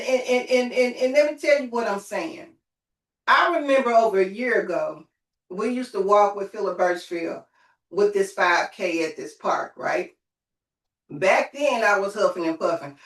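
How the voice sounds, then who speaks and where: Woman telling a lively story, far off. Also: medium pitch. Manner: lively storytelling, calls on listeners. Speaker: group host. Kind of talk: motivational group call talk. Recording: roomy, from off the mic.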